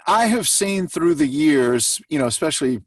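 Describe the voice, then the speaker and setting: Lively teasing Texan-born man, co-host. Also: a little high, moderate pace, dry recording, distant mic. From Texas. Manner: teasing, rambling storyteller. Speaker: podcast co-host. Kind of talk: casual chat.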